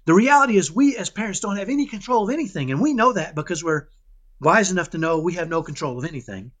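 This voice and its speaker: A man talking casually in an interview about raising his son, animated and often checking in with "right?". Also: high-pitched, fast. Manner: animated, keeps asking "right?"; acts out dialogues with his son. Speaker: parenting guest.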